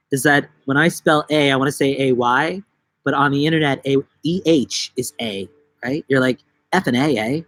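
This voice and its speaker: A man's voice: medium pitch, no echo. Rambling, jokey man with a dry voice. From New York. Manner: rambling, jokey, goofy tangents. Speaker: livestream host. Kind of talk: casual live-stream chat. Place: outdoors in a busy city.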